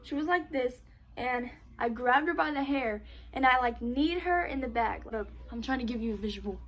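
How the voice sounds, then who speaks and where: A young woman telling a casual storytime vlog, animated, swearing freely and saying "like" constantly. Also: on the high side, normal speed. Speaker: vlogger.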